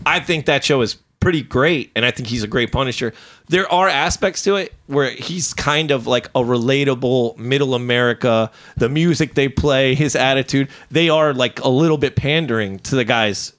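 A man's voice: medium pitch, moderate pace. A man hosting a podcast, ranting in casual chat with lots of swearing and sudden outbursts. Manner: animated profane ranting. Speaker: podcast host.

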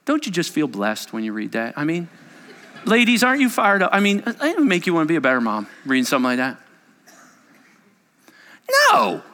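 Animated, bright-voiced male pastor. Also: on the high side, a little fast, long pauses, in a large hall. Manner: animated, joking, emphatic. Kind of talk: sermon.

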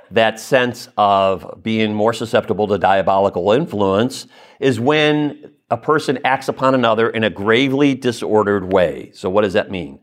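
A man giving a conversational religious teaching, addressing listeners directly with frequent asides and checks like "okay?". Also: fairly low pitch. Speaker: Catholic teacher or preacher. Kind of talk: spoken teaching talk.

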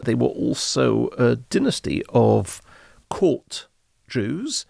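A man, explaining history in a measured, informative podcast conversation. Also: mid-range voice, creaky, no echo, clean studio sound. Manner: measured, informative, uses Hebrew terms. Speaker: history podcast guest expert.

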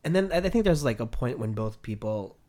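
A guest in a casual chat, talking softly and hesitantly, with many fillers. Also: mid-range voice, lively intonation, brisk. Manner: hesitant, rambling, soft-spoken.

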